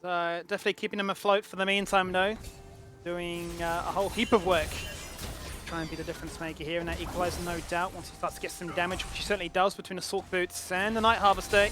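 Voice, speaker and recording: High-voiced man calling esports. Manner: animated play-by-play calling. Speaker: esports caster. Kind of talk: esports commentary.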